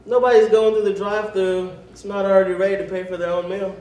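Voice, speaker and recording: A man performing a stand-up comedy set. He delivers deadpan setups and then acts out other voices with animated energy. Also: high voice, quick pace. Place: comedy venue stage with audience. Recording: echoey room, mic from a distance.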